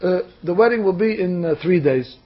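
A man's voice: high voice, expressive, normal speed. A man voicing an old king who presses a humble farmer to marry his daughter, persuasive and insistent. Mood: reassuring. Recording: dull lo-fi recording.

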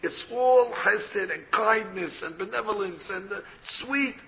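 Male rabbi, Torah lecture, high gravelly voice, dull lo-fi recording. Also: a little slow. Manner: explains by asking questions and answering them. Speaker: rabbi teaching a Torah class.

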